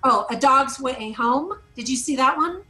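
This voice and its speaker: A woman co-hosting a casual movie review discussion, animated, acting out quotes as she talks. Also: sits high, normal speed, soft background music, poor audio.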